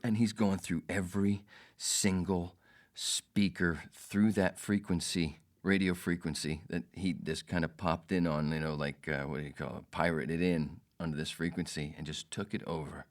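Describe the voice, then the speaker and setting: Deep-voiced man, podcast host, swears a lot, rambles through a funny story. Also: steady tone, normal speed. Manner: profane, rambling, jokey. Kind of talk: casual storytelling monologue.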